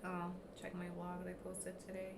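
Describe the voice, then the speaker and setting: A woman's voice: on the low side, completely flat delivery, moderate pace, heavy background noise. A young woman hosting a casual livestream, venting bluntly and with plenty of swearing at critics in the comments. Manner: blunt, profane, ranting at critics. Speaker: livestream host.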